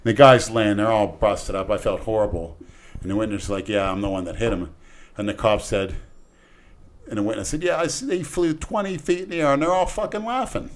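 A man's voice: fairly low pitch, fairly quick. A middle-aged man from Florida telling long rambling stories on a casual podcast, acting out the voices of cops in his tales. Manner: rambling, acts out cops' voices loudly. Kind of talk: casual storytelling chat.

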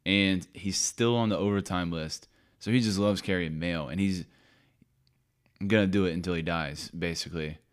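A man's voice: sits low, normal speed. A man hosting his own podcast in a casual, rambling monologue, often interrupting himself with offhand asides. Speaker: podcast host.

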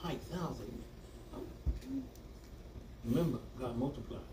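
A man's voice: medium pitch, slow, a crowd in the background. A man preaching a sermon, talking back and forth with the congregation and laughing often. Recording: echoey room from far off, noisy.

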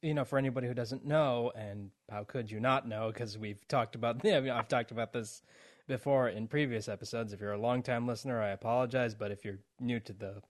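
A man's voice: mid-range voice, fairly even intonation, a little fast. A man hosting a podcast in a casual, chatty way, explaining things for listeners. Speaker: podcast host.

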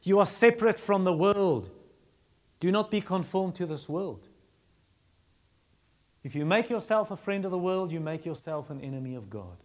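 Male preacher; emphatic sermon delivery, voice a touch high. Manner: emphatic, repeats phrases for stress.

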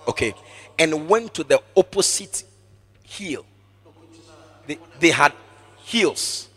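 Male preacher, sermon delivery: bright, slightly husky voice, emphatic, drops to hushed asides then shouts. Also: mid-range voice. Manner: repeats phrases for emphasis.

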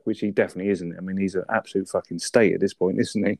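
A man's voice: sits low, steady tone, quick pace, vocal fry, darkish tone, no room sound. A man, co-hosting a podcast, chatting about a film with swearing and tag questions. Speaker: podcast co-host. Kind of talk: casual film review chat.

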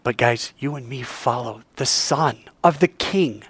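A man's voice: medium pitch, a little slow, husky, no echo. A man giving a casual, playful sermon to young people, acting out scenes. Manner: animated, playful, acts out scenes.

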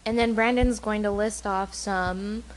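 Sex: woman. Pitch: average. Role: caregiver co-host. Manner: earnest, quick to laugh. Style: casual talk. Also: steady tone, a little hiss or hum, low-quality recording. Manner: earnest, laughs easily at hard moments. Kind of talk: casual conversational chat.

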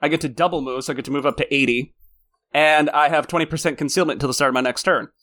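A man playing a tabletop game, joking and animated as he describes his character's moves. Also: on the high side. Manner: animated, joking, quick to laugh. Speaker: player. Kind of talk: casual tabletop game chat.

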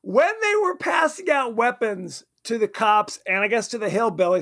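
A man's voice: extremely high pitch, very animated, a little slow, hardly any pauses, a bit bright. A man co-hosting a podcast, recapping a horror film in a rambling, laughing way. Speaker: podcast co-host. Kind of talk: casual movie-recap chat.

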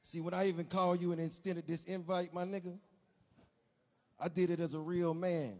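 Man with a high-pitched voice, insistent street-slang talker who keeps repeating his point, sound echoing in a hall. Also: little pitch movement, moderate pace, a little mellow. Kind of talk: comedic street-talk sketch. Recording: echoey hall reverb.

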